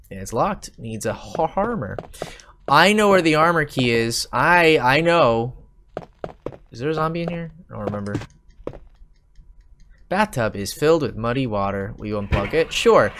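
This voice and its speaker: A man's voice: medium pitch, fairly bright tone, a little hiss or hum. A man hosting his own gaming channel, rambling in casual, self-mocking, profane commentary at home while he plays. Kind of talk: casual Let's Play commentary. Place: home room.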